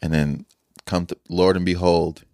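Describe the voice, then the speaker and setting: A young man hosting a casual podcast, relaxed and slangy, laughing often as he talks. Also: low voice, unhurried, no room sound, clean studio sound. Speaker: podcast host.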